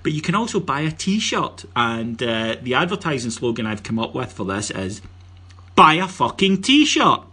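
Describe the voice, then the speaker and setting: A man's voice: mid-range voice, very animated, moderate pace, few pauses, fairly bright tone, husky. A Scottish man hosting a casual football podcast, joking and teasing his guests while plugging the show. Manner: jokey, teasing, plugs the show. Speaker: podcast host.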